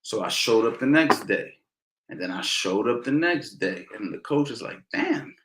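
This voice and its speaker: Animated slangy boxing coach, roomy sound. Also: male voice, medium pitch, moderate pace. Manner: animated, slangy, repeats phrases for emphasis. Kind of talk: casual Q&A storytelling. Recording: roomy echo.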